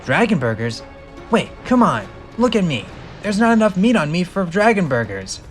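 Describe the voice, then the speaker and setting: A man's voice: medium pitch, expressive, moderate pace, fairly bright tone, soft background music, natural voice. A man voicing a frightened, bewildered young dragon. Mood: panicked. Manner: anxious, pleading.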